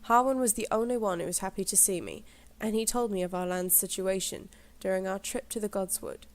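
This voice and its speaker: A woman's voice: medium pitch, fairly even intonation, natural voice. Woman reading as a grim young lord in a put-on accent. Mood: solemn. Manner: solemn, slow storybook reading in a put-on accent. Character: grim young male lord narrating his homecoming.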